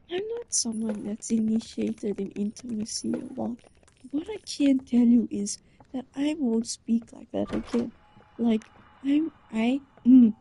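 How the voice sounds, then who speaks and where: Flustered young woman, soft and breathy. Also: a little high. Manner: flustered, embarrassed rambling with frequent restarts. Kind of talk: casual chat.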